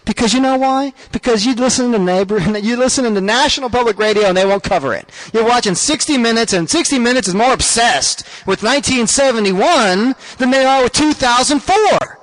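Man, very high voice, show host, emphatic ranting monologue, repetitive. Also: brisk, hardly any pauses, a bit bright, rough recording. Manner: emphatic, repetitive, riled-up delivery.

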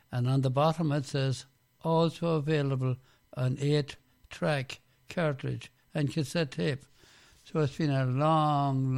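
A man hosting a radio show, introducing records in a relaxed, chatty way with small restarts. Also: mid-range voice, gravelly. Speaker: radio host. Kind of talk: casual radio DJ talk.

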